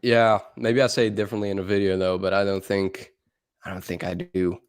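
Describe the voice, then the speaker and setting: A young man from the Netherlands, Dutch-accented, co-hosts a relaxed livestream chat in a low, clean voice that's a little fast with little pitch movement. His talk wanders, peppered with laughter and swearing.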